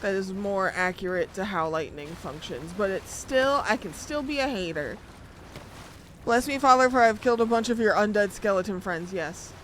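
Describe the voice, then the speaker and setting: A woman streaming gameplay, reacting excitably, swearing often and talking to herself and the screen. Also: mid-range voice, normal speed, slight background noise. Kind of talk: live gameplay commentary.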